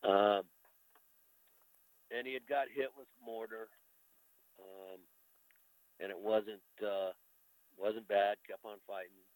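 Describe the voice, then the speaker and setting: Older American man, very low voice. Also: steady tone, slow, long pauses, no echo, rough recording. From United States. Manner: candid and emotional, with casual swearing. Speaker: veteran telling his story. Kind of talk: emotional storytelling in conversation.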